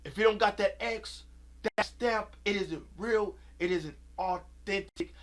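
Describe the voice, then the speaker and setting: A man with a high-pitched voice, speaking a little slowly, delivers a furious, profane rant about a movie for his video. He repeats himself over and over as he vents.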